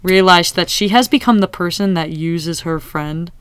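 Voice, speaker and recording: Smooth low-voiced woman chatting casually. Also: moderate pace, no room sound. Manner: animated, acts out quoted lines. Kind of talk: casual TV recap chat.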